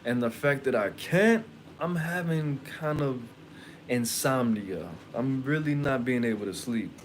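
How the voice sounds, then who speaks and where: A man's voice: medium pitch, measured pace, a little hiss or hum. Blunt, rambling man telling a story. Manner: animated, profane, rambling and blunt. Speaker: livestream host. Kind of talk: casual storytelling to a live chat.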